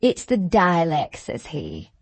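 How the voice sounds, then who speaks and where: A woman's voice: low voice, wildly swooping pitch, slow pace, no room sound, voice pushed down, exaggerated voice. Woman voicing a wheezy mincing innkeeper guy, super deferential, sir this sir that, dry audiobook sound. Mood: chatty. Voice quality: treble, wheezy voice with a mincing accent. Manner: deferential, chatty, says "sir" often. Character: pompous plump male village innkeeper.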